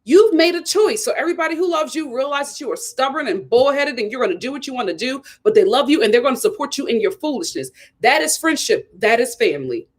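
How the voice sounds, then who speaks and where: A woman with a slightly higher-than-average voice, hosting a live stream. She talks straight to her audience in a sassy, animated way, with casual commentary throughout. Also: fast, few pauses, husky. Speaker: live show host reviewing a reality series.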